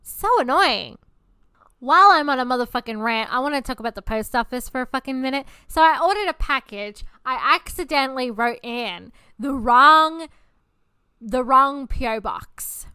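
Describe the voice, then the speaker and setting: A woman's voice: high-pitched, animated, moderate pace, sharp tone, clear, resonant tone, no echo. A woman podcast host delivering a heated, profanity-laced ranting monologue.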